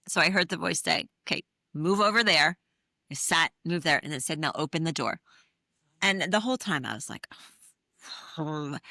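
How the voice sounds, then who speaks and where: A woman's voice: fairly low pitch, bright, forceful tone, no room sound, clean studio sound. A middle-aged woman, an interview guest, telling a personal story in an earnest, candid way with many fillers. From New England. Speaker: interview guest, therapist and author.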